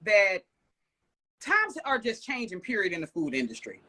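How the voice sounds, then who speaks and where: Woman, business owner guest, casual chat, blunt, rambling, bright voice. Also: medium pitch, huge pitch swings, measured pace.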